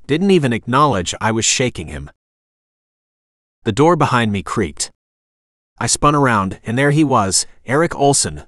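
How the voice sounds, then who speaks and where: A man narrating a first-person story in a steady, even storytelling manner, recorded on a close studio mic. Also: mid-range voice, no echo. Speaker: audiobook narrator.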